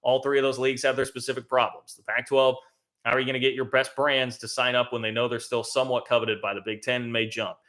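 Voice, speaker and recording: A man's voice: medium pitch, flat delivery, fast, a bit bright. A man hosting a live college football talk stream, giving conversational, emphatic commentary as he thinks aloud. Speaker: college football show host.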